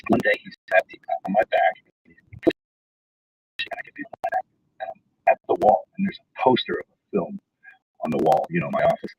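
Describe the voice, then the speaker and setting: A man telling stories in casual conversation, animated, acting out the people he quotes. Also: extremely low pitch, normal speed, pauses often, no echo, soft background music. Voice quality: husky. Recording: dull lo-fi sound.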